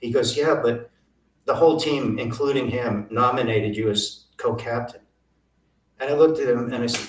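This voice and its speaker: An older man recounts his past as an interview guest, slipping into the voices of the people in his story. His voice is mid-pitched. The sound is roomy, with the mic set some distance away. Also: moderate pace. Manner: vivid storytelling, acts out quoted dialogue.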